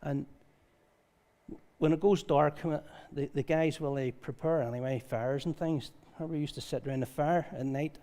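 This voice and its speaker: A man preaching a conversational sermon at a church service, reading scripture and telling stories in a lively way. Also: a little high, moderate pace. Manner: lively storytelling, reads scripture aloud. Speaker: pastor.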